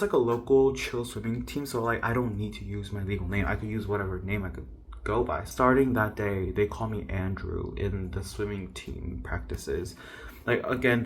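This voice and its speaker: A man's voice: on the low side, slight background noise. A Korean-born young man casually telling a personal story to camera, chatty and self-mocking. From South Korea. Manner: chatty, self-mocking, mimics others' voices. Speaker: YouTuber.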